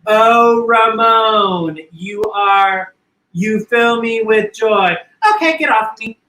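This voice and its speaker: A man playing a woman who fakes pleasure in a gushing, high voice, in a roomy recording. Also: slow pace, pushed and bright, heavily acted. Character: breathy woman faking pleasure. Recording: roomy echo.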